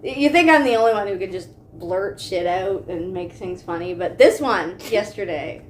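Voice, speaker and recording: A woman co-hosting a casual chat show, telling a funny story in an animated, giggly way. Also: medium pitch, moderate pace, a little hiss or hum. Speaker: co-host. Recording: echoey room.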